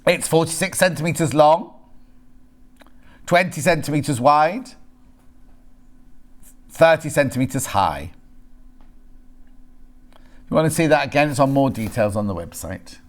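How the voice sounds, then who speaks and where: Lively chatty shopping presenter man. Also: fairly high pitch, measured pace, long pauses. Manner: chatty, jokey, bantering with off-camera crew. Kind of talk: live TV sales patter.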